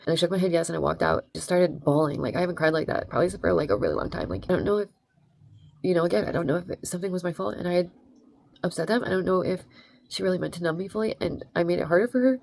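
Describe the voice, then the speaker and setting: Fast-talking woman with a gravelly voice. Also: fairly low pitch, a little mellow. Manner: rambling, emphatic, lots of "like" and "right?". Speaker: vlogger. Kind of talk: casual storytelling vlog.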